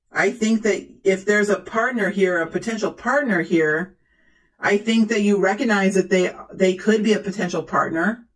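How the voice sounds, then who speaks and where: Tarot reader, calm measured monologue, restarts often, mid-pitched voice. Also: poor audio. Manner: thinking aloud, many restarts and repeated phrases. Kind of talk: tarot reading monologue to viewers.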